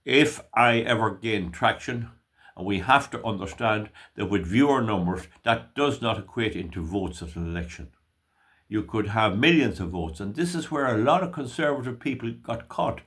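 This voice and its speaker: A man's voice: on the low side, expressive, normal speed, a bit bright. An older Irish man giving emphatic, opinionated political commentary in a vlog. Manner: emphatic, opinionated ranting delivery.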